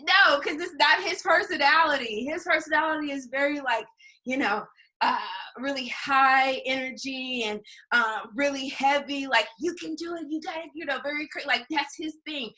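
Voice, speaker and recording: A middle-aged woman coaching entrepreneurs in a casual, animated talk, laughing often and acting out little scenes. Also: high voice, normal speed. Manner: calls listeners honey. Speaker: business coach.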